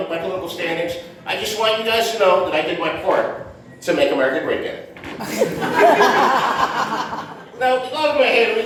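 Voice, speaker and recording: This stand-up set comes from a man of Puerto Rican heritage with a high, fairly bright voice, brash and conversational, tossing out "man" and "right?" as he goes. Audience laughter fills the comedy club, and the recording is echoey and heard from a distance.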